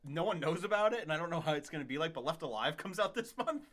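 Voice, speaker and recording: Podcast host: man, keen talker, crisp bright tone. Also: on the high side, lively intonation, fast talker. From United States. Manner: chatty, enthusiastic show plugs. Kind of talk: casual chat.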